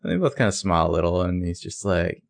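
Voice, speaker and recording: A man's voice: low voice, lively intonation, fast, vocal fry. A man co-hosting a podcast, casually recapping a TV episode with wry jokes. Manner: wry, joking recap with quoted dialogue. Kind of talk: casual chat.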